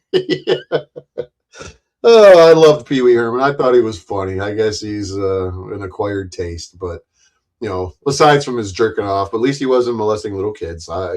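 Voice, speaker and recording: A man's voice: on the low side, moderate pace, a little mellow. A middle-aged man hosting a casual livestream, rambling, joking crudely and laughing often. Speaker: livestream host.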